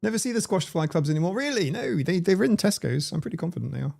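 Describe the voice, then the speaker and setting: Gravelly man chatting on stream. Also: high-pitched, sing-song, fast talker, a little mellow, soft background music. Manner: chatty, playful guessing. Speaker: livestream host. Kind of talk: casual livestream chat reading comments.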